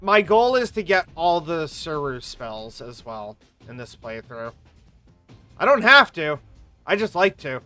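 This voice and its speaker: A woman's voice: low-pitched, lively intonation, measured pace, few pauses, no room sound, faint music behind. A woman streaming her gameplay live, coming down with a sore throat and coughing, chatting casually in a rambling way and swearing now and then. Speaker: game streamer.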